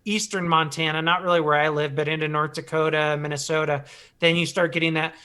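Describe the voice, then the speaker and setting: A man from the American Pacific Northwest with a flat regional accent, chatting as a guest in a relaxed way full of fillers. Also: a little high, fairly quick, clean tone. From Pacific Northwest, USA. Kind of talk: casual chat.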